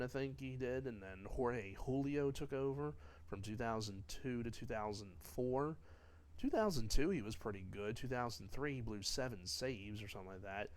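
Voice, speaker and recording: A man giving casual commentary over his own baseball video game, rambling through memories with many fillers and sometimes snapping in frustration at the game. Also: on the low side. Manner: bursts of frustration and swearing at the game. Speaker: gamer narrating his own play.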